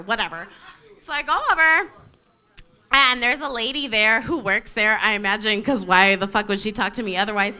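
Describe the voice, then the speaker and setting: A woman's voice: a little high, lively intonation, moderate pace, bright, forceful tone. A woman telling a comic story about herself, rambling, laughing often and swearing casually.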